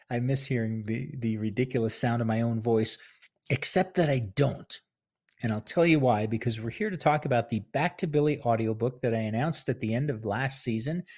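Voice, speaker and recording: A man talks into a close podcast mic in his home office, hosting a relaxed solo show. His voice is a bit husky and sits at an ordinary pitch. He rambles in a chatty, self-deprecating way and laughs often. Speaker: podcast host. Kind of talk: casual solo podcast talk.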